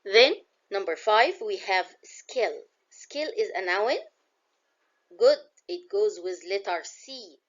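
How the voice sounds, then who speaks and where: A woman's voice: medium pitch, lively intonation, takes it slowly, muffled recording. A woman with an Egyptian accent teaching a classroom English vocabulary lesson. She explains words in English and glosses some of them in Arabic.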